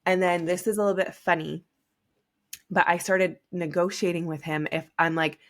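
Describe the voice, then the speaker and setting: A woman's voice: lowish voice, fairly even intonation, normal speed. Chatty young woman telling a story. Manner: chatty, heavy use of "like". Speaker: podcast host. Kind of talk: casual personal storytelling.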